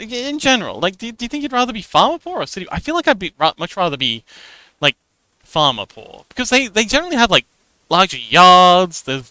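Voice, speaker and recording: A man's voice: high-pitched, sharp tone, dry recording. A man livestreaming as an artist, chatting casually while he draws, rambling and self-deprecating, laughing often and muttering to himself as he works.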